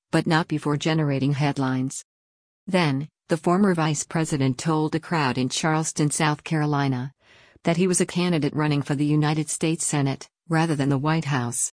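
A woman reading a news article aloud in an even, measured scripted narration. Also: low-pitched, no echo. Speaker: news reader.

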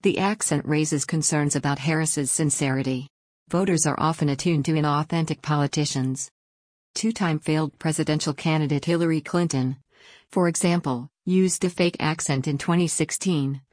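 A woman reading a written news article aloud in an even newsreader delivery, taking the text literally. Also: sits low, moderate pace, no room sound, clean studio sound. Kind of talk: scripted news read-out.

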